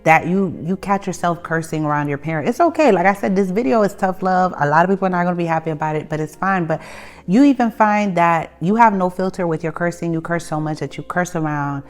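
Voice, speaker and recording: A young adult woman with a Haitian family background, talking bluntly and conversationally as she hosts a self-help video, with animated bursts and frequent restarts. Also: fairly low pitch, fast talker. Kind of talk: candid advice monologue. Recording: soft music behind the voice.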